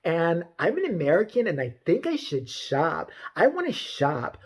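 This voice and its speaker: Man doing a entitled angry woman, high-pitched, whiny, indignant, slightly husky. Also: huge pitch swings, moderate pace, heavily acted. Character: entitled angry white woman, shrill, demanding.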